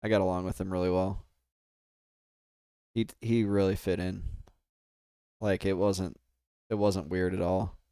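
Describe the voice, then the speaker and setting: A man's voice: low voice, level tone, measured pace, long pauses, mellow, clear, resonant tone, no room sound, studio quality. An American man livestreaming a game, chatting casually and rambling with his viewers, laughing often. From United States. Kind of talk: casual gaming stream chat.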